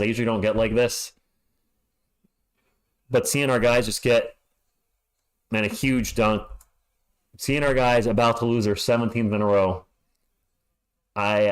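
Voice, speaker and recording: A man's voice: mid-range voice, clean tone. A man hosting a fan livestream, calling play-by-play and ranting in frustration, often stammering when upset.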